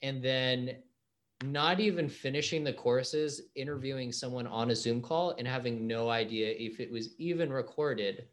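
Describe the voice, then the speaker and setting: A man hosting a casual podcast interview, upbeat and quick with slangy reactions. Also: mid-range voice. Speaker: podcast host.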